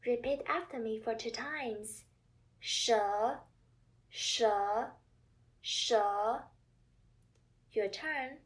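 A woman with a somewhat high voice leads a language lesson. She speaks very slowly and deliberately, shaping each word with care as she guides learners through repeat-after-me drills. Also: recorded from a distance. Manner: slow, deliberate, careful enunciation. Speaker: language teacher.

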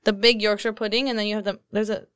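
A woman hosting a podcast, chatting in a bubbly, giggly, animated way. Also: medium pitch, quick pace, clean tone, no room sound, studio quality. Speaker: podcast host. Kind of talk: casual interview chat.

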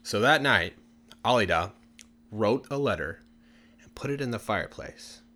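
A man casually telling a folk tale for English learners in a relaxed, chatty way with many fillers. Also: lowish voice, normal speed. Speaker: storyteller.

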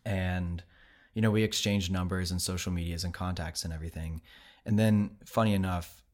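A man's voice: sits low, steady tone, moderate pace, a little mellow. An American man hosting a podcast, telling a travel story in a casual, rambling way with many fillers and restarts. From United States. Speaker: podcast host.

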